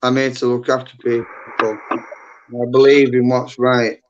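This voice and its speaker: A man's voice: medium pitch, flat delivery, measured pace, noisy background. A middle-aged man, rambling bluntly and swearing a lot as a guest in casual livestream chat. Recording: dull lo-fi stream audio.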